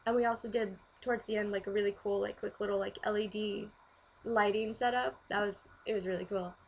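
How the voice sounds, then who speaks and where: A young woman in her twenties telling stories in a casual vlog, animated, swearing freely and saying "like" a lot. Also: medium pitch, fairly quick, creaky, a little hiss or hum. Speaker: vlogger.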